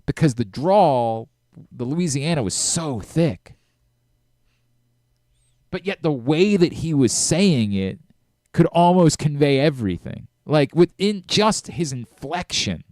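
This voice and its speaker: A middle-aged man hosting a sports radio talk show, talking in an animated way with frequent restarts and self-corrections. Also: a little high, slow pace, no echo, studio quality.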